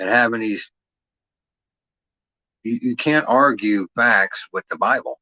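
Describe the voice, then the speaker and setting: A middle-aged man rants on a livestream with a bright, forceful edge to his voice. He swears constantly and taunts his listener with rhetorical jabs. The sound is dry and close, with no room around it. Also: mid-range voice, expressive, moderate pace, dry recording, highs cut off. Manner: aggressive, mocking, heavy swearing. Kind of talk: profane rant on a livestream.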